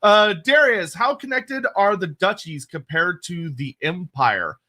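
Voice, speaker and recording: Lively high-pitched guy on a live stream, bright voice, reads out chat questions. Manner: animated, quick, jokey. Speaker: co-host reading viewer questions.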